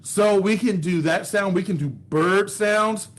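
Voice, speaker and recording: Against a noisy background, a male storyteller and music teacher reads to children in a sing-song way, asking them questions and offering praise. He's high-pitched and a little slow, using a large microphone into a voice box.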